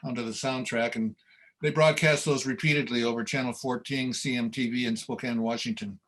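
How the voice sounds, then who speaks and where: A man's voice: medium pitch, fairly even intonation, fairly quick, a bit bright, poor audio. A man hosting a casual livestream show, easygoing and full of fillers. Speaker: show host.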